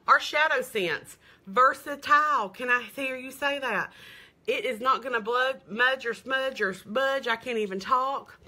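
A woman's voice: on the high side, bright, forceful tone. A middle-aged woman, doing a chatty live makeup demo and sales stream, gushing and greeting viewers by name. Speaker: makeup seller.

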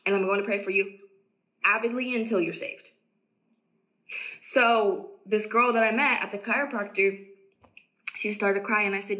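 A woman casually preaching to camera as an evangelist, emphatic and repeating phrases for stress, sometimes dropping to a hushed near-whisper. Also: mid-range voice, fairly even intonation, normal speed, pauses often. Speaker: Christian evangelist.

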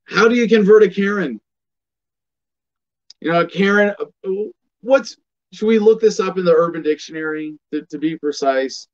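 A man's voice: sits high, moderate pace, long pauses, highs cut off. A man hosting a political commentary show, delivering a sardonic, emphatic monologue and reading passages aloud.

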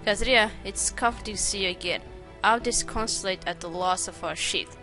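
A woman's voice: medium pitch, moderate pace, over music, lightly acted. A woman reading the lines of a learned, lecturing male French expert from a game, in her own voice. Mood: erudite. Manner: erudite, lecturing.

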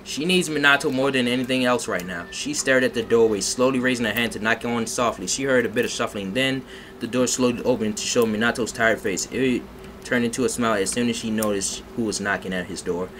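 A man's voice: medium pitch, a little fast, fairly bright tone, a little hiss or hum, rough recording. A man reading a fanfiction aloud on a live stream, mocking it and breaking off to comment and laugh. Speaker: fanfiction reader. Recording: music playing behind. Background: music.

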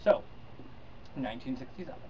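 A man's voice: medium pitch, lively intonation, brisk, mellow, far from the mic. A man talking casually about a science fiction novel, rambling with fillers and restarts. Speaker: book reviewer. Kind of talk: casual book review with read-aloud. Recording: dull lo-fi sound, slightly off-mic.

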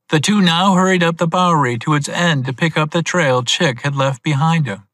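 Male audiobook narrator: steady, clear, a touch high, dry booth sound. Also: normal speed, few pauses, no echo. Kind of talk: scripted narration for English learners.

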